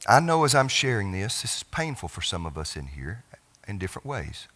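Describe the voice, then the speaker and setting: A middle-aged man preaching from the pulpit of a church, telling a family story. His voice sits low in pitch but has a bright, forward edge. He often restarts his phrases and lets them fade to a hush. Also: sing-song. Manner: emotional storytelling, halting restarts, trailing off softly. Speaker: pastor. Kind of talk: sermon. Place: church sanctuary.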